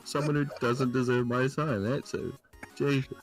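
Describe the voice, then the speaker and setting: A man's voice: mid-range voice, little pitch movement, normal speed, soft background music. A man from New Zealand with a New Zealand accent, joking dryly in a casual group chat over a remote call. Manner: dry, self-deprecating humor. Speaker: guest.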